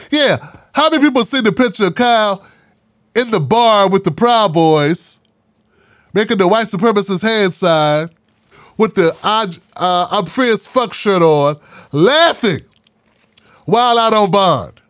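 A man's voice: high-pitched, lively intonation, slow, long pauses, a bit bright, no echo, studio quality. A man hosting a casual commentary monologue, talking in a sarcastic, mocking, slangy way. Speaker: political commentary host.

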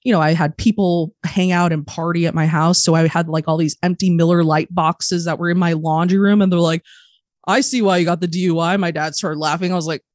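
A young adult woman on a podcast, candidly telling a personal story in a profane, animated way and acting out the voices of the people in it. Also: on the low side, brisk, hardly any pauses, dry recording, clean studio sound. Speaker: podcast guest.

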